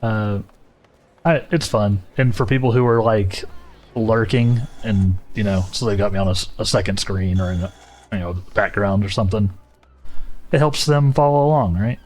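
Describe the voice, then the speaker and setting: A man's voice: fairly low pitch, normal speed, a little mellow. A man with a Southern US accent, chatting casually and rambling as a livestreamer while playing a game. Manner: rambling, self-correcting, chuckling. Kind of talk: casual gaming livestream chat. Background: faint game music.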